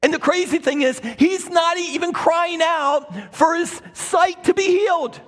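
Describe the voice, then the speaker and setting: A man's voice: very high-pitched, measured pace, a bit bright. A man preaching a sermon as a pastor, dramatic, crying out quoted lines at full voice. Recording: long hall reverb.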